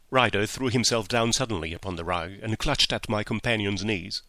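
A man reads a classic story aloud in a measured, even way. His low voice has a bright, forceful edge, and the close recording is dry with no room sound. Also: no room sound. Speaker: audiobook narrator. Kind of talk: scripted narration.

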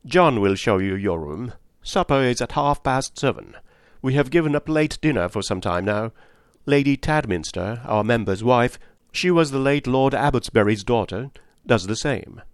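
A man's voice: medium pitch, lively intonation, normal speed, clean tone, no room sound, studio quality, lightly acted. Man playing a fussy, bossy old lady. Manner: fussy, commanding. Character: bossy elderly lady of the house.

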